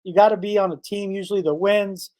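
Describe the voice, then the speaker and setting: A man's voice: high-pitched, steady tone, fairly quick, a little mellow. A man hosting a sports podcast, talking in a casual, emphatic way and firing off rhetorical questions. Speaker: podcast host.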